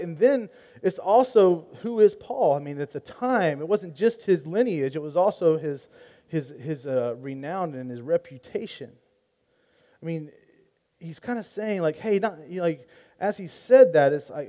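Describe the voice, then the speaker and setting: A man's voice: high voice, normal speed, dark tone. A man preaching a sermon as pastor, earnest and emphatic, asking rhetorical questions and reading scripture aloud.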